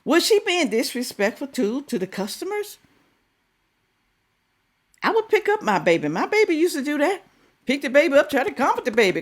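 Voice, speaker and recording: Animated woman reacting, lively pitch. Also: a little fast. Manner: animated, fires rhetorical questions at viewers. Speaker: reaction video host. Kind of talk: casual commentary.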